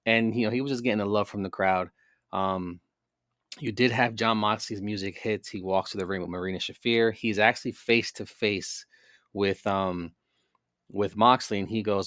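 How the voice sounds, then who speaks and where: A man's voice: lowish voice, fairly even intonation, a little fast, fairly bright tone, no room sound, studio quality. A man hosting a podcast, recapping wrestling in a casual, rambling way with many fillers and self-corrections. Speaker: podcast host.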